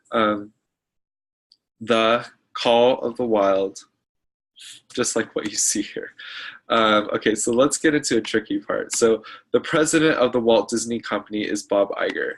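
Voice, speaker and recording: A young man giving a slide presentation on grammar, talking in a halting way with many fillers and restarts. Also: fairly low pitch. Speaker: student presenter.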